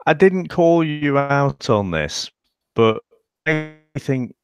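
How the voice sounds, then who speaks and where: A man's voice: medium pitch, slow, faint music behind. A man co-hosting a football podcast, chatting casually and giving strong opinions. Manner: opinionated, animated storytelling. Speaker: podcast co-host.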